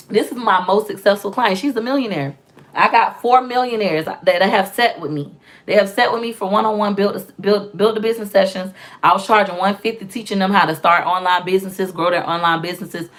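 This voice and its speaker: A woman hosts a casual live chat with her viewers. Her voice sits in a middle pitch, and she talks in a blunt, profane way, animated as she tells stories. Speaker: vlog host reading comments.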